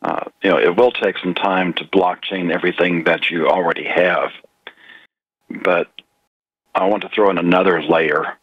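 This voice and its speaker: A male guest on a radio show, giving steady, deliberate commentary over a muffled remote line. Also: sits low, husky, no echo. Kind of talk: measured commentary.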